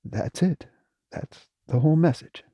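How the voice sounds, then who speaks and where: A man's voice: on the high side, unhurried, dry recording, studio quality, voice pushed up. A man voicing stammering female messenger Jiajuja. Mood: hesitant. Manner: hesitant, stammering softly. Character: timid young female messenger Jiajuja, hesitant.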